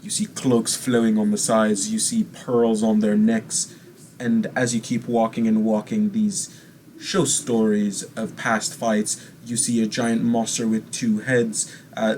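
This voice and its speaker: A man's voice: mid-range voice, darkish tone, a little hiss or hum. Man narrating as game master. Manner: descriptive, unhurried, with fillers.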